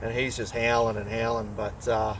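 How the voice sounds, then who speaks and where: A man's voice: lowish voice, little pitch movement, moderate pace. A man telling a rambling hunting story in casual slang and chatting to his dogs outdoors. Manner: loose, rambling yarn with laid-back slang. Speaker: pig hunter and channel host. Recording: distant mic outdoors with faint background noise.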